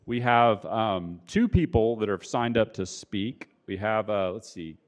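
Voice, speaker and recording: A man's voice: fairly low pitch, animated, measured pace. A man presiding over a city council meeting, talking in a plain, conversational way with some hesitations.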